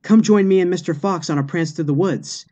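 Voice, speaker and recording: A man voicing a prim, preachy male bunny rabbit in a joke, talking slowly and raising his pitch. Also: mellow, muffled recording. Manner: slow and preachy.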